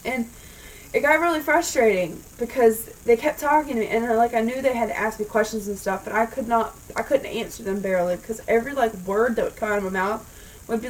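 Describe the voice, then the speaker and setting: A woman's voice: on the high side, brisk, slight background noise. A woman vlogger telling a story in a casual, exasperated and rambling way, swearing freely. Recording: voice a bit far from the mic.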